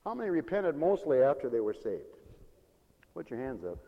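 A man preaching a sermon as pastor, swinging between quiet asides and loud, high exclamations, often laughing between points. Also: big pitch swings, normal speed, in a large hall, lo-fi sound.

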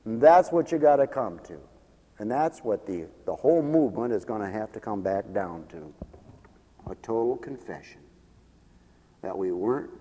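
A male pastor preaching a radio sermon, impassioned and swinging from hushed tones to loud peaks, chuckling between points. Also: lowish voice, big-room sound.

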